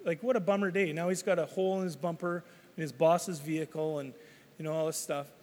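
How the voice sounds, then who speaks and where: Male pastor, slightly high voice, chatty storytelling sermon, hall echo. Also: fairly even intonation, a little fast, darkish tone. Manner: storytelling, conversational, many restarts.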